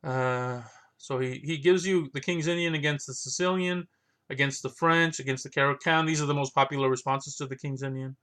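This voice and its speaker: A man with a bright, forward voice talks casually and unscripted. He thinks aloud as he goes, circling back and restarting his sentences. His pitch sits in an ordinary middle range. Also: fairly even intonation, a little fast. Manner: thinking aloud, rambling with many restarts and fillers. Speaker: vlogger reviewing his chess books.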